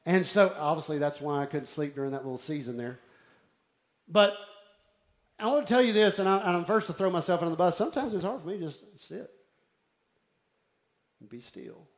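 A man preaching a sermon in a slightly high voice. He tells stories with animated energy, then sinks into soft, near-whispered lines. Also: quick pace. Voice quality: bald-headed preacher, restless and wired up. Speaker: pastor.

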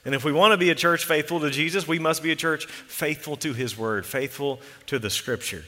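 A man preaching a sermon as pastor of a church, measured and deliberate, slowing down to stress key words. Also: a little high, pushed and bright, big-room sound. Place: church sanctuary.

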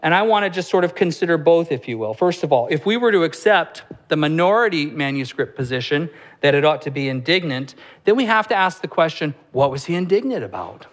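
A man preaching a sermon as pastor, explaining scripture in a conversational way with rhetorical questions and joking asides, slowing down and going soft on the solemn lines. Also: fairly high pitch, expressive.

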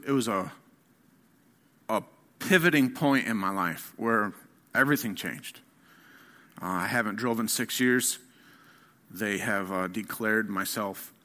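A middle-aged man preaching a candid personal testimony, his voice bright and forward. He tells the story haltingly, full of fillers and restarts, earnest and unpolished. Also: on the low side. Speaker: guest speaker.

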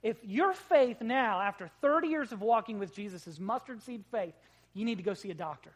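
A pastor preaching a sermon in a conversational, joking way, swinging between loud emphasis and quiet asides. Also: medium pitch, expressive, brisk. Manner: conversational, with jokes and acted-out quotes.

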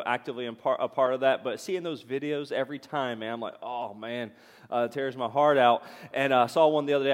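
Middle-aged male pastor, conversational sermon delivery, filler-heavy, recorded in a reverberant hall. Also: medium pitch. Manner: conversational, rambling with many fillers and asides to the congregation.

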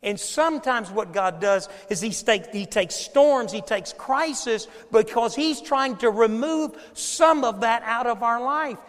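A high-voiced male preacher gives a sermon in a church, his words fading into a long hall reverb. His delivery is conversational and emphatic, a little slow with few pauses and a bit bright, as he repeats phrases and addresses the congregation directly.

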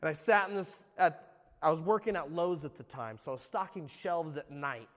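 A middle-aged man from California, a former youth pastor, sharing his personal testimony in an earnest, confessional way that swings between loud and hushed. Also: on the high side, moderate pace, in a large hall. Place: church.

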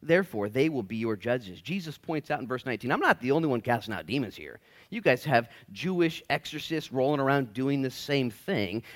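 A man's voice: medium pitch, very animated, fairly quick. A male pastor preaching a casual verse-by-verse sermon in a church, slangy and acting out quoted voices.

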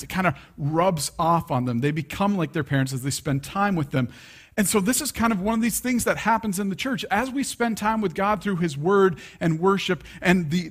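A young adult man preaching a sermon in a conversational way, full of asides and restarts. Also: on the high side. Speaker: pastor.

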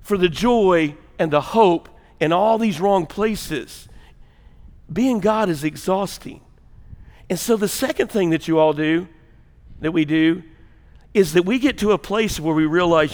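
A man's voice: high voice, in a large hall. A male pastor preaching a sermon in a rambling, joking way, speaking straight to his congregation. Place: large church hall.

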